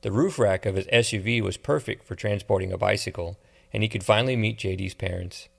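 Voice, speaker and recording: Low, gravelly male audiobook narrator. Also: a little fast. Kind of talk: scripted narration.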